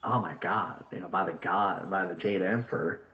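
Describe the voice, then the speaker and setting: A man's voice: sits low, close to an everyday voice. A man voicing a friendly young male orphan warrior who stammers and repeats himself in his hurry. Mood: earnest. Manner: quick, hesitant, repeats words. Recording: echoey, tinny voice-chat line.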